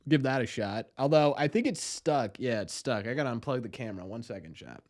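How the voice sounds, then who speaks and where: A man's voice: medium pitch, expressive, a little fast, darkish tone. A young man hosting a casual live stream, rambling, self-mocking and laughing often.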